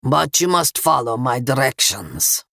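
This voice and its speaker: A woman's voice: a bass voice, very animated, gravelly, sharp tone, no room sound, clean studio sound, pitched below the performer's own voice, exaggerated voice. Woman voicing a menacing Russian gunman. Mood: calm threatening. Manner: cold, smirking, slow. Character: menacing male gunman holding hostages.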